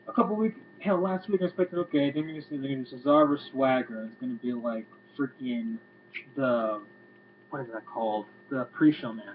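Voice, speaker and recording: A man giving a casual, rambling video review, sounding exasperated and swearing freely. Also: a little high. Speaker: wrestling reviewer. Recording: tinny lo-fi home recording with faint hum.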